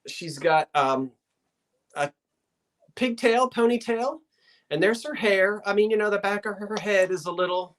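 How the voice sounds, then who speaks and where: A woman's voice: mid-range voice, unhurried, long pauses. A woman hosting a live online sale, describing an item in casual, rambling chat full of asides.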